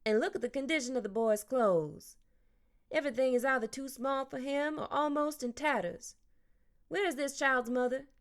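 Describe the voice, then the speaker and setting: A woman's voice: high-pitched, normal speed, pitched above the performer's own voice. A woman doing a fussy, motherly woman. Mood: indignant. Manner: warm, scolding. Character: motherly middle-aged woman, caring, fussy. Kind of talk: audiobook character reading.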